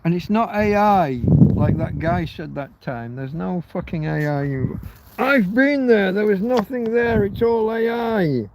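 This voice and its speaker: A man's voice: high-pitched, lively intonation, unhurried, background noise. Crude joking British man on a livestream. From Britain. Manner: crude, joking, swears freely. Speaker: livestream host. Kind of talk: rambling livestream chat. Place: outdoors in a field in Spain.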